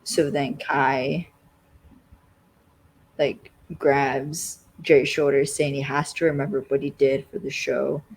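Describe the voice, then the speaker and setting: Podcast cohost rambling thru an episode recap, husky voice, like like like everywhere. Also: mid-range voice, level tone, slow, rough recording. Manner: rambling, constantly says "like". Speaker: podcast co-host.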